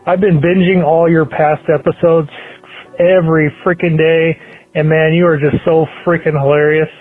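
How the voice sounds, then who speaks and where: A man's voice: fairly high pitch, little pitch movement, moderate pace, faint music behind. A man leaving a rambling, hesitant voicemail as a fan of the show. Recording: tinny phone line.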